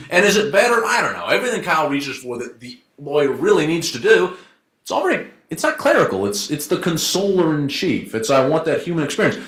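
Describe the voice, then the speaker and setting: A man arguing his side in a debate as a lawyer, in a joking and rhetorical way with quick asides. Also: medium pitch, a bit bright. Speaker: debater, law firm associate. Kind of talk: informal debate argument. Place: event room. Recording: echoey room.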